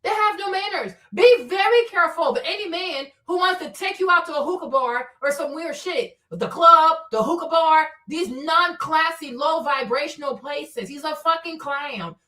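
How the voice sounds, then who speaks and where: Woman host, high pitch, blunt profane rants, echoey room and distant mic. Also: normal speed, few pauses, bright, forceful tone. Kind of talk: casual chat on a live stream.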